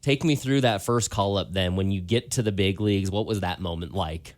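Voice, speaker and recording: Man, sports show host, low pitch, easygoing interviewer. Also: fairly quick. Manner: easygoing, long rambling questions. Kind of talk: interview questions.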